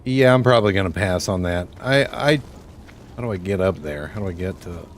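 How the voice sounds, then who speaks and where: A man's voice: deep voice, fairly quick, a little hiss or hum. Profane joking young male streamer. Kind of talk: casual gaming live stream commentary.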